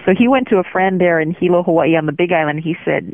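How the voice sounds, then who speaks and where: A woman's voice: on the low side, fast talker, hardly any pauses, no room sound. Woman telling her story over the phone. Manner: candid and animated, acts out quotes. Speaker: guest sharing her testimony. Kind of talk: personal storytelling on a phone interview. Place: Hawaii. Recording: tinny phone line.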